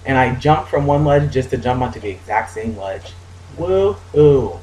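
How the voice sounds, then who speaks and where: A man's voice: medium pitch, fairly quick, a little mellow, reverberant, slight background noise, rough recording. A young man giving casual gameplay commentary with offhand, dry asides. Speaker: let's play host.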